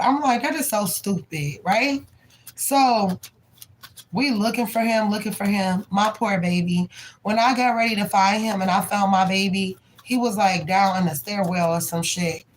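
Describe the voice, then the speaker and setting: A woman chatting on her livestream, voice sitting in a middle register. She talks openly and curses freely, getting animated as she relives a scare. A faint hum of noise sits under the recording. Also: medium pitch, moderate pace, poor audio. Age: adult parent. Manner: candid, profane, animated when retelling. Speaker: tarot reader and livestream host. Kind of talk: casual livestream storytelling.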